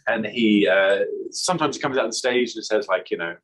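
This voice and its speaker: An English man speaks in a low, husky voice. He is a guest in a relaxed interview chat. He rambles, restarts his sentences and laughs now and then. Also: fairly quick, rough recording. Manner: rambling, self-correcting, laughs often. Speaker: magician guest.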